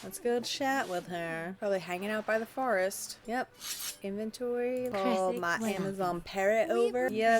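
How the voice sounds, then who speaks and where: A woman narrating a game in casual, sarcastic let's play commentary. Her voice sits at a medium pitch, and she jokes about her own villainy in a chatty manner. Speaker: gaming video creator.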